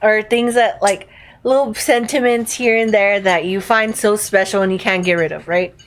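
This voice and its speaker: A woman's voice: mid-range voice, fairly even intonation, normal speed. A young woman co-hosting a podcast in casual chat, blunt and emphatic, swearing for effect. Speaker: podcast co-host.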